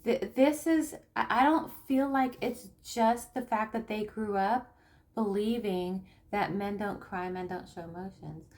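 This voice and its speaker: A woman talking casually to camera as a spiritual coach and tarot reader. She speaks haltingly, with many restarts and fillers, and lets phrase endings sink to a low murmur. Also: darkish tone.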